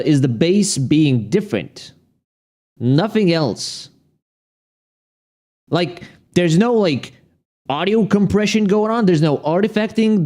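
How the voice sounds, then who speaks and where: Young male streamer, high voice, rambling profane rant. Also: mellow. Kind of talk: casual livestream rant.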